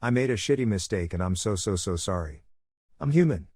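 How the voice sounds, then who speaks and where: A man reading the lines of a young woman, an ex-girlfriend begging to start over, in his own low voice with little change. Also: animated, brisk, darkish tone, slightly rough, no room sound, clean studio sound. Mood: pleading. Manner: pleading, apologetic. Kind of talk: read-aloud dialogue in a story.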